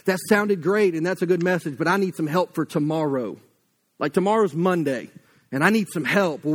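A man pastor delivering a conversational sermon, telling self-deprecating stories and asking the congregation questions. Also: sits high.

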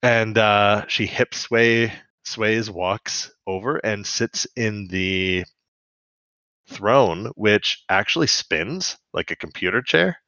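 Man, podcast co-host, casual rambling recap, fairly low voice, dull lo-fi sound. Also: slow, sharp tone, no room sound. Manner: rambling, filler-heavy, laughing often.

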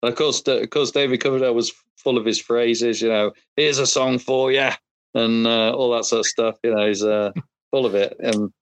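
A man calling into a podcast as a listener, reminiscing in casual chat with halting fillers. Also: medium pitch, steady tone, dry recording.

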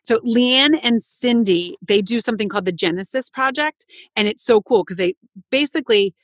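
A woman's voice: fairly high pitch, normal speed, no echo. A woman in her thirties, a mother and coach, chatting with enthusiasm and casual swearing. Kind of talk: casual chat.

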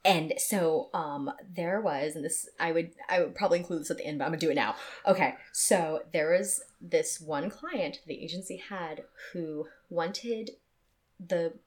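Casting: young woman, slightly low voice, candid chatty storyteller, rapid animated delivery. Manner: animated, frank, quick bursts with laughter. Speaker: guest storyteller. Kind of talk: casual podcast chat.

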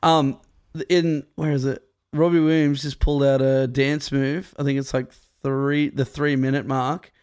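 A man's voice: medium pitch, little pitch movement, measured pace, a little mellow, smooth. A man co-hosting a podcast, playful and laughing in casual banter. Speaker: podcast co-host.

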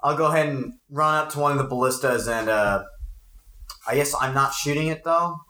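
Young man with a bright, tense-edged voice, chatting loosely as a player in a tabletop game. He rambles and hedges with lots of "like" and swears freely. The sound is echoey. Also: medium pitch, fairly quick. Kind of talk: casual tabletop game chat.

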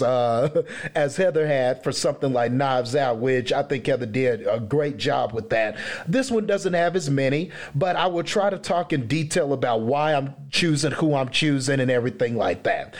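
A man co-hosting a podcast, explaining his ideas in a hesitant way with many pauses and restarts. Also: on the high side. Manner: hesitant, full of fillers and restarts. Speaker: podcast co-host. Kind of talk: casual chat.

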